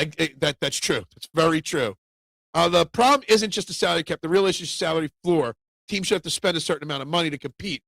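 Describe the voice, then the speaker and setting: Philly sports talk guy, high gravelly voice, opinionated, dry close sound. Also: no room sound. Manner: opinionated, animated, gets loud when ranting. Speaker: sports show host. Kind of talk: casual sports talk show, reading chat comments.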